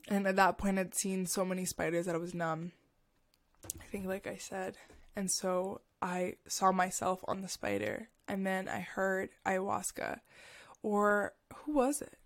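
A young woman hosting a podcast, telling a deeply personal story in a halting, emotional way with many fillers and restarts. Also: level tone. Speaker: podcast host.

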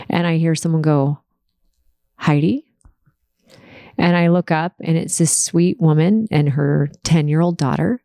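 A woman's voice: low-pitched, vocal fry, mellow, no echo, studio quality. A woman hosting a podcast, telling an emotional personal story with quoted dialogue. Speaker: podcast host.

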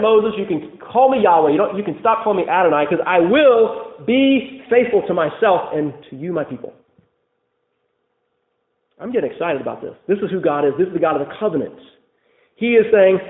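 A high-pitched man preaches a sermon with passion. He swings from loud declarations to hushed lines. The sound is thin and phone-like, with room echo around it. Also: lively intonation, fairly quick. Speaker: pastor. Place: church.

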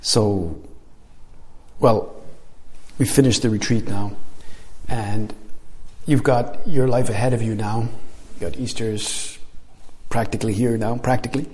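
A man's voice: on the low side, fairly even intonation, a little slow, darkish tone. A man leading a retreat, preaching in a conversational way with frequent tag questions and filler sounds. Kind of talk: sermon.

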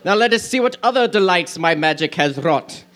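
Gleeful villain sorcerer, slow gloating delivery, put on by a man. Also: sits high, lively intonation, a bit bright. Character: gleeful scheming male sorcerer.

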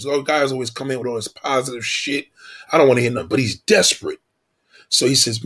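A man delivers a preachy storytelling monologue, emphatic and full of profanity. He repeats his points for weight. The voice is husky and breathy at a middling pitch. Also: fast talker, a bit bright.

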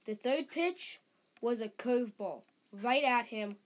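A woman reading a story aloud slowly and haltingly, stumbling and restarting on words. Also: a little high, animated.

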